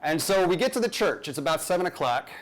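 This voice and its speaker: A man's voice: a little high, very animated, fast talker. A man telling a personal story live to an audience, conversational with playful, self-deprecating asides.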